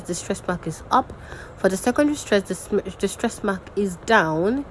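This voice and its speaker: Slow, patient woman teaching. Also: medium pitch, darkish tone, slight background noise, rough recording. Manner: slow, patient, repeats example words aloud. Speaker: diction and grammar tutor. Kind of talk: recorded teaching lesson.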